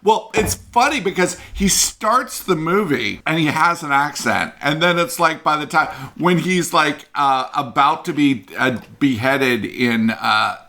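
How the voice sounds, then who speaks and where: A man co-hosting a podcast in casual chat, excitable, with quick asides and exclamations. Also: on the high side. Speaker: podcast co-host.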